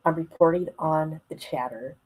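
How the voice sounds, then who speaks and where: A woman's voice: deep voice, moderate pace, darkish tone, breathy edge, rough recording. A woman hosting a casual livestream, chatting colloquially, reading viewer comments aloud and laughing often. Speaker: livestream host.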